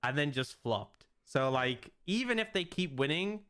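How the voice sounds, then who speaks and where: A man casting esports, chatting through analysis in an animated way and acting out his own reactions. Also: a little high, normal speed, smooth. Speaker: esports caster.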